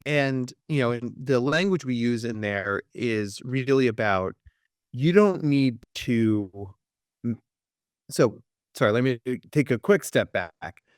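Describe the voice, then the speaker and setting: A clinical psychologist speaks slowly in a podcast interview, acting out the people he quotes with big jumps in pitch. The audio is studio quality with no echo.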